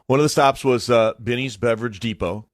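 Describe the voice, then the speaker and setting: Animated male radio host telling stories. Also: mid-range voice, fairly quick, no room sound, clean studio sound. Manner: animated storytelling, acts out voices. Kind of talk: casual morning show chat.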